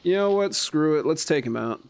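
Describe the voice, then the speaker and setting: A man streaming a game, chatting casually and flipping between low mutters and gleeful outbursts. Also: expressive, normal speed, darkish tone. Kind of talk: casual gameplay commentary.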